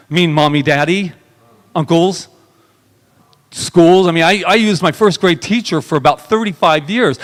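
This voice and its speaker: A male minister preaching a sermon in a slightly high voice, and the sound rings out with a long reverb across the hall. He talks intimately and emotionally, dropping to soft murmurs and rising into sudden bursts. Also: normal speed. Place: spiritual center sanctuary.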